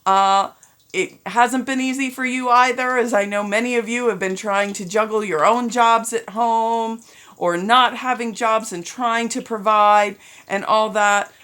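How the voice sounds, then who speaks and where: Her voice sits on the high side, clean and steady, and she speaks a little slowly. She is a school principal making upbeat, encouraging end-of-year announcements, addressing students as ladies and gentlemen and growing a bit teary as she talks to them and their parents.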